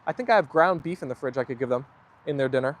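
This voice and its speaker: A man's voice: medium pitch, fast talker. A man hosting a casual live stream, chatting away and reading viewer comments aloud, then answering them.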